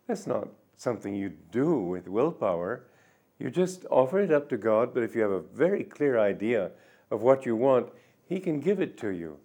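An older man giving a reflective spiritual talk, speaking gently and musingly, with soft drawn-out endings. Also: mid-range voice, sing-song. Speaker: spiritual teacher.

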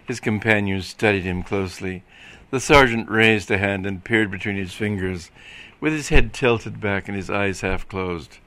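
Bright-voiced man reading a comic story. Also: on the low side, normal speed. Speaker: reader.

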